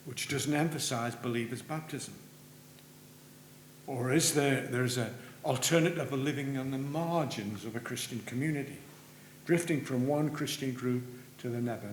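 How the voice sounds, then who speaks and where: A man preaching a sermon in a church, earnest, rising for emphasis and dropping low at the ends of phrases. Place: church sanctuary. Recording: roomy church with faint hum.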